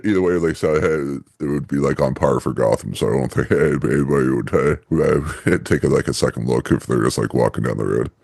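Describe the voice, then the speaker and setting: A man with a very deep, gravelly, husky voice co-hosts a casual film podcast. He jokes and laughs a lot, recorded close on a dry mic. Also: a little fast, hardly any pauses, a little mellow, dry recording. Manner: jokey, laughs often. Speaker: podcast co-host. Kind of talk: casual movie discussion.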